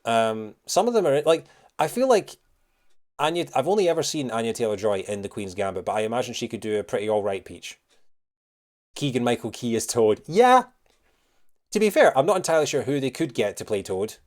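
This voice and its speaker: A man's voice: medium pitch, expressive, fairly quick, darkish tone. A man live-streaming, chatting casually and rambling with many fillers as he answers his chat. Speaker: streamer reacting to news.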